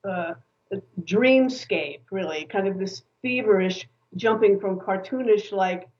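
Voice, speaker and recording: A woman author speaking as an interview guest, lively and opinionated as she tells her stories. The sound is a little dull and muffled, as if it came through a lo-fi link. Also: medium pitch, takes it slowly. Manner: animated, opinionated storyteller.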